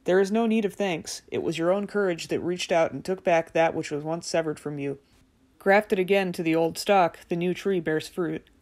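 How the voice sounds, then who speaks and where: A woman's voice: lowish voice, normal speed, darkish tone, natural voice. A woman reading the lines of a huge, wise old fish from a storybook, in a solemn, blessing tone. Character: huge ancient wise lake fish, calm.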